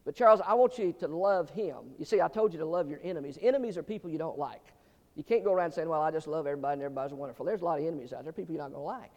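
A man voicing God, blunt and low. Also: racing, long reverb tail, close to an everyday voice. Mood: calm, frank. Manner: blunt, plain-spoken, gently teasing. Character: God, a calm, frank male voice.

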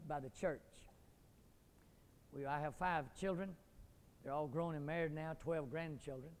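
An older man preaching a fiery revival sermon, swinging from quiet scripture reading to loud shouting. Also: fairly high pitch. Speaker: pastor. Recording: echoey hall.

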